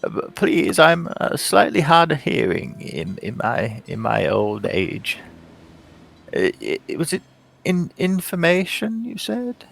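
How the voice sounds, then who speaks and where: A man's voice: on the high side, big pitch swings, slow, vocal fry, fairly bright tone, voice pushed up, full character voice. A man voicing a kindly elderly male priest who is hard of hearing and stammers and repeats his words. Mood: welcoming.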